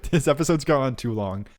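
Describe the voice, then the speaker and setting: A man's voice: mid-range voice, huge pitch swings, slight background noise. Playful young man co-hosting a podcast. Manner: joking, playful, quick to laugh. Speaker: podcast co-host. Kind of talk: casual chat between friends.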